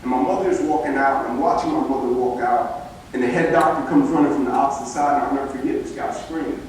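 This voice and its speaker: A man's voice: medium pitch, fast talker, a little hiss or hum. Man giving a fervent speech in an echoey hall. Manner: animated, building to near-shouting emphasis. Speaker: motivational speaker. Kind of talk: motivational speech with storytelling. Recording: echoey hall picked up from far off.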